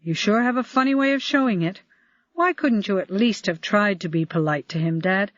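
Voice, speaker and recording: A narrator voicing a defiant, grim young daughter. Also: female voice, mid-range voice, normal speed, no room sound, lo-fi sound, close to an everyday voice. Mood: reproachful. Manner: firm, reproachful.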